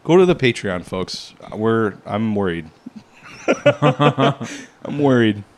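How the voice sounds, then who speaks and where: A man's voice: fairly low pitch, expressive, slow, a little hiss or hum. A man co-hosting a podcast in casual chat, playful and wisecracking, swearing now and then. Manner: playful, swears, drops into silly voices. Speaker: podcast co-host.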